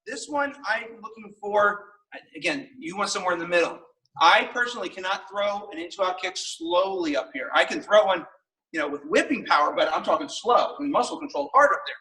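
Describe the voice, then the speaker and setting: A man's voice: high-pitched, expressive, a little fast, bright, forceful tone, distant mic, rough recording. A man teaching a martial arts class on video, upbeat and coaching as he counts out the kicks.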